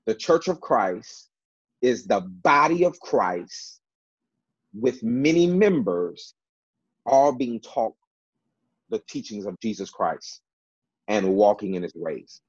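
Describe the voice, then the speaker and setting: A man's voice: lowish voice, expressive, slow pace, long pauses, husky, no echo, muffled recording. A man teaching from the Bible in a panel discussion, emphatic and repeating key words, with many fillers.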